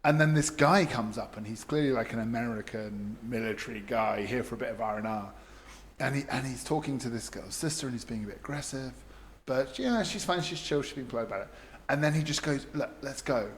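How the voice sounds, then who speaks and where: A man's voice: mid-range voice, fairly quick, a little hiss or hum. A man co-hosting a casual podcast chat, telling a story with lots of laughs and acted-out quotes. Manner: animated storyteller, laughs often, acts out quotes. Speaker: podcast co-host.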